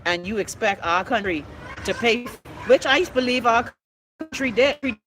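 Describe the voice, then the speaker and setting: A Bahamian woman hosting her own livestream show, telling stories and reading viewer comments in a loud, animated way. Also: on the high side, moderate pace, a little hiss or hum, low-quality recording. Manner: animated, loud storytelling with bursts of laughter.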